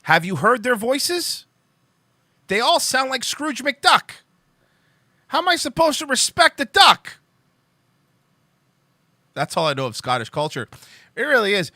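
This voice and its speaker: Animated high-voiced male streamer. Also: a little slow, long pauses, dry recording, studio quality. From Cuban heritage. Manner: rambling, profane, joking, laughs often. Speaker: livestream host. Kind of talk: casual live-stream chat with viewers.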